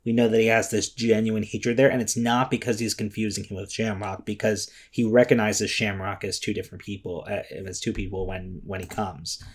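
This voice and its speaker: A man's voice: on the low side, little pitch movement, fairly quick, hardly any pauses, husky. A man vlogging casual commentary in a rambling, emotional way, with many fillers, restarts and some swearing. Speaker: vlogger reviewing a comic chapter.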